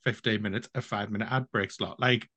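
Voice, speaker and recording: A man's voice: fairly low pitch, fairly even intonation, quick pace, sharp tone, no room sound. A man from the United Kingdom co-hosting a podcast, chatting casually and rambling with many fillers and restarts. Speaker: podcast co-host.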